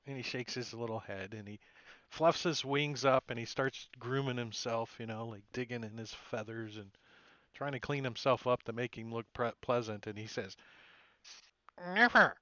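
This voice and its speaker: A man's voice: medium pitch, steady tone, normal speed, fairly bright tone, no echo. A man running a tabletop game as game master, describing the scene in a casual, rambling way and often breaking into laughter. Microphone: home computer mic for an online session. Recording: dull, lo-fi stream audio.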